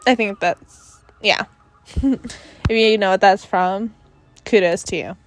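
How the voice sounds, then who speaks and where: A woman's voice: medium pitch, slow, a little hiss or hum. A young woman hosting her own podcast in casual chat, rambling and giggly, often trailing off into mumbles. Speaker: podcast host.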